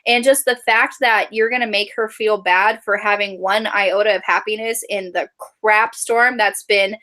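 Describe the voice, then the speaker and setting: A woman's voice: mid-range voice, fairly even intonation, moderate pace, bright, forceful tone. A woman co-hosting a casual book club chat. She is chatty, giggles often and fills her speech with "like" and "you know".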